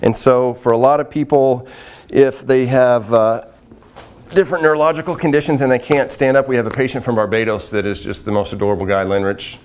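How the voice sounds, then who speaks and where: A man's voice: medium pitch, steady tone, a little fast, darkish tone, smooth. A man casually demonstrating breathing and eye relaxation exercises, chatty and laughing at his own slips. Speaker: vision exercise instructor.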